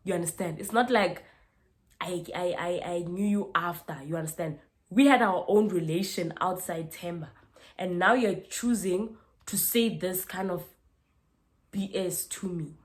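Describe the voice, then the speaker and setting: A young woman from Africa, speaking in a fairly low voice. She tells a casual storytime, animated and chatty, re-enacting the back-and-forth with her own punchy delivery. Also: a little slow. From South Africa. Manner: animated, re-enacts exchanges, keeps asking "you understand?". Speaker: YouTuber.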